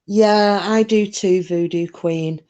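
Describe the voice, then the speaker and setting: A woman's voice: mid-range voice, steady tone, takes it slowly, warm tone. A woman chatting casually on a live stream, rambling through stories, answering comments and swearing mildly.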